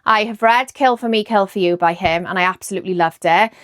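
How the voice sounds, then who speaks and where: A woman with a Welsh accent, chatting excitedly about books she plans to read and often second-guessing herself. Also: mid-range voice, brisk, no room sound, studio quality. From Wales. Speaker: book vlogger. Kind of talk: casual chat about books.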